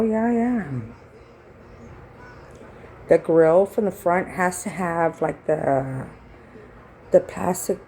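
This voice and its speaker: A woman's voice: low-pitched, warm tone, slight background noise, poor audio. A middle-aged woman, telling a rambling, blunt story in a casual vlog and acting out what people said. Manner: rambling, blunt and salty, reenacting dialogue. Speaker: vlogger.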